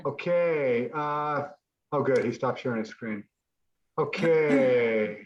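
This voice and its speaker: A man's voice: mid-range voice, slow, roomy sound, lo-fi sound. A man teaching a Spanish class online, encouraging students and often restarting his sentences. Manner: encouraging, repeats and restarts while explaining.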